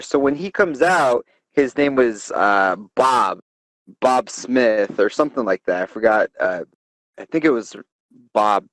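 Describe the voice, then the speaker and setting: A man's voice: mid-range voice, a little slow, a bit bright, no room sound, rough recording. A man hosting a comedy podcast, telling a crude story in a rambling, profane way and laughing as he goes. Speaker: podcast host.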